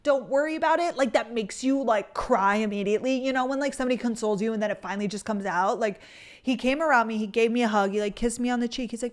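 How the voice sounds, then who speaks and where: A woman in her twenties hosting a casual solo podcast, talking fast and loose with lots of "like" and the odd swear word. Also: a little high. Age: 20s. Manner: chatty, fillers of "like", casual swearing. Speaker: podcast host.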